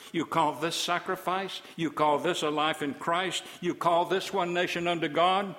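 A man's voice: on the high side, fairly bright tone. A man voicing God as an exasperated, scolding figure who fires off scornful rhetorical questions, heard with a long hall reverb.

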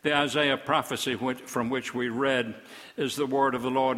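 A man's voice: medium pitch, fairly even intonation, normal speed, fairly bright tone, long reverb tail. A man preaching a sermon in a church, emphatic and reproachful, asking his congregation pointed rhetorical questions.

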